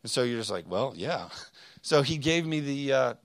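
A pastor in his thirties preaches a sermon built around a personal story, rambling with frequent fillers, restarts and self-deprecating asides. His mid-range voice is clean and moderately paced, and the recording is dry.

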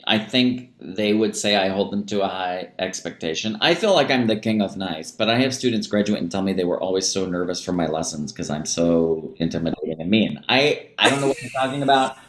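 A man with a fairly low voice speaks about his teaching in a relaxed interview. He talks in an easygoing, chatty way, filling his sentences with "like" and "you know." The recording carries a noticeable room echo. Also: moderate pace, hardly any pauses. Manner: casual and chatty, many "like" and "you know" fillers. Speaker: music teacher.

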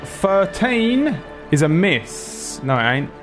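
A man's voice: sits high, sing-song, takes it slowly, music in the background. A young man narrating as game master in a tabletop game, rambling casually with lots of fillers and frequent laughs.

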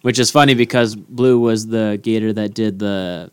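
A man's voice: on the low side, fairly even intonation, normal speed, darkish tone, clean tone, no room sound. A man co-hosting a casual sports podcast, teasing his friend with dry interjections. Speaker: podcast co-host.

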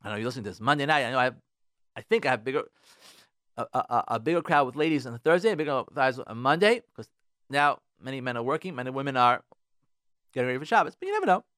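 A man hosting a radio advice show, lecturing listeners in a casual, animated way, repeating phrases and acting out what spouses say. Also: mid-range voice, quick pace, no echo, clean studio sound. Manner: animated, repeats himself, acts out spouses' complaints. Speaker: radio show host giving relationship advice.

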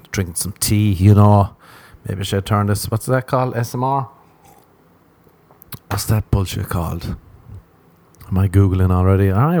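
A man's voice: lowish voice, warm tone. A young man hosting a solo comedy podcast, rambling with crude jokes. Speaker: podcast host.

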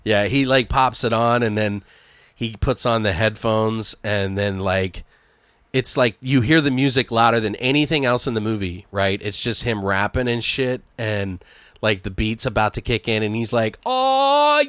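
Excitable man brainstorming a movie plot. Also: on the low side, normal speed, smooth, dry recording, studio quality. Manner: animated, swearing, acts out bits of dialogue. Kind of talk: casual brainstorming chat.

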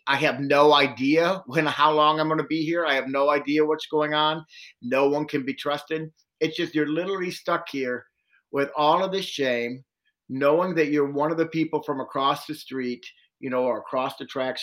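A man telling a long personal story in an interview, earnestly acting out the voices of people he met. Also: fairly high pitch. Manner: earnest, animated retelling with quoted dialogue. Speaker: social worker and domestic violence trainer.

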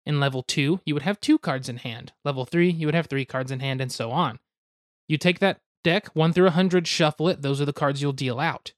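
A man's voice: on the high side, brisk, dry recording, clean studio sound. A young man hosting a podcast, explaining a card game step by step with goofy asides and hedges. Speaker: podcast host explaining board games.

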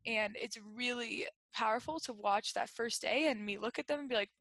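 A woman's voice: on the high side, fairly bright tone, no room sound. A young woman who leads staff at a camp, talking earnestly in casual conversation with lots of fillers. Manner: earnest, quick, filler-heavy talk.

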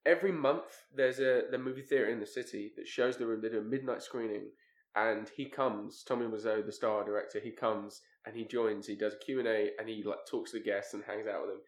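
A man's voice: on the low side, fairly even intonation, a little fast, reverberant. A man chatting casually on a podcast, rambling with many "like"s and restarts. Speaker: podcast co-host. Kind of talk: casual chat.

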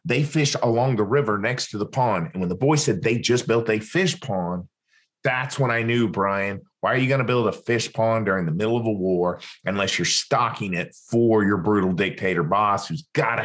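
A podcast guest, a man, tells a long story in an animated way. He acts out other people's lines in different voices and often restarts his sentences. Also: fairly low pitch. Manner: rambling, with frequent restarts.

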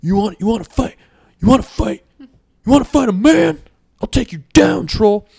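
A man voicing a cocky, bumbling loudmouth who is boastful and then cowardly, with shouty taunts and high-pitched yelps. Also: rapid-fire, natural voice. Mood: taunting.

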